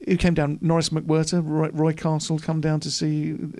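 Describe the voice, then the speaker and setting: A man's voice: a little high, completely flat delivery, normal speed, warm tone. A man interviewing a guest, asking playful, chatty questions.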